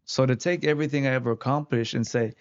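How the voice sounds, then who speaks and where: A man's voice: mid-range voice, steady tone, fast, highs cut off. A man, an interview guest who fights, telling his story in casual chat with many fillers. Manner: rambling, lots of "like" fillers.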